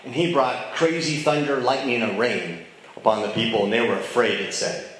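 A man's voice: mid-range voice, steady tone, normal speed, fairly bright tone. A man teaching a casual Bible study, talking conversationally and checking in with his listeners. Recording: very echoey room.

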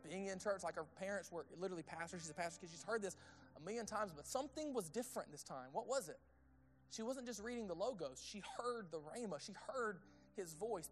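A man preaching a sermon in a conversational way, asking the audience questions and dropping to a hushed tone on intimate points. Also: high voice. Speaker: pastor.

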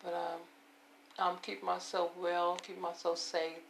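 A woman in her fifties with a hoarse voice, rambling and repeating herself as she talks to her viewers about taking care of herself. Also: lowish voice, little pitch movement, normal speed, slight background noise. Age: 50s. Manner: rambling, repetitive, self-affirming. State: hoarse, voice giving out. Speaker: vlogger. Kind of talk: casual personal monologue.

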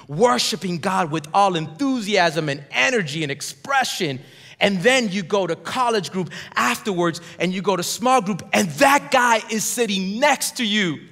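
A male pastor preaching a sermon, emphatic, swinging between shouts and hushed drops, and leading the congregation in call-and-response. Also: high voice, gravelly. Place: church sanctuary. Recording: long hall reverb.

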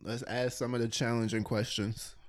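Young male co-host, mid-pitched voice, relaxed teasing banter. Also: normal speed. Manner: easygoing, teasing, reads questions aloud. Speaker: podcast co-host. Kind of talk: casual chat.

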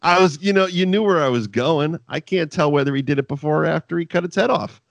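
A man's voice: on the high side, quick pace, gravelly, no echo. A man co-hosting a podcast, recapping wrestling in casual, profane chat and laughing often. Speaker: podcast co-host.

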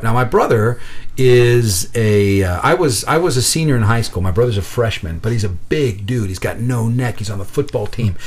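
A man telling a personal story in casual conversation, lively and animated, acting out the voices of the people in it, with frequent restarts. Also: lowish voice, a little hiss or hum.

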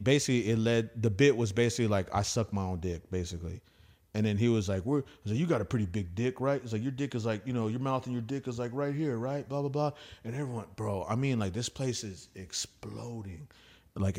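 A man who does stand-up comedy, telling stories as a podcast guest in a loose, profane, slangy way, acting out what others said in lively quoted voices. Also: fairly low pitch, a little fast. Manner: profane and slangy, peppered with "bro" and "dude". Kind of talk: casual storytelling.

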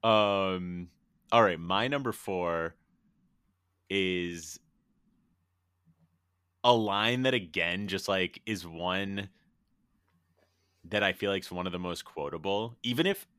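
A man's voice: low voice, takes it slowly, long pauses, pushed and bright, clear, resonant tone, dry recording, studio quality. A man co-hosting a podcast, chatting casually and laughing often as he gushes over favorite lines. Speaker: podcast co-host. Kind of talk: casual chat.

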